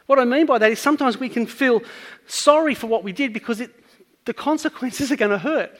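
High-voiced man preaching in a reverberant hall. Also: fairly quick, a bit bright. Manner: earnest teaching, rising to emphatic peaks. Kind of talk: sermon.

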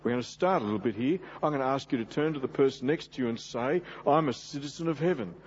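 A man's voice: medium pitch, lively intonation, quick pace, a little mellow, a little hiss or hum. A middle-aged man preaching a sermon, speaking earnestly and directly to his congregation. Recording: dull lo-fi sermon recording.

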